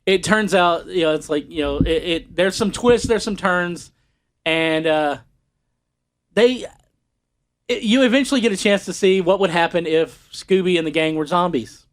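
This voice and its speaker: Podcast co-host, man, high pitch, rambling casual delivery. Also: normal speed. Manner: rambling with many fillers. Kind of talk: casual chat.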